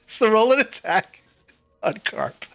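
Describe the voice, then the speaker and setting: A woman's voice: fairly high pitch, vocal fry. A woman narrating as game master of a tabletop game, casual and laughing often. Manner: laughing, quick, loose narration.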